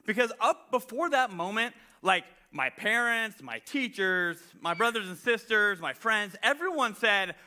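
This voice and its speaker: Guy pastor telling a story in a sermon, kinda high voice, super bright and sharp. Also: a little slow, few pauses. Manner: animated, self-deprecating storyteller, many "like" fillers.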